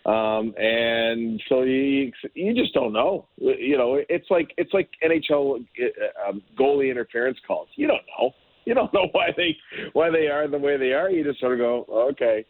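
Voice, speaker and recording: A man's voice: medium pitch, expressive, normal speed, dry recording. A man guesting on a radio show, speaking bluntly in a casual, opinionated way with lots of restarts. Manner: blunt, talks in run-on restarts. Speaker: hockey historian guest. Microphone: phone call. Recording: tinny phone line, dry.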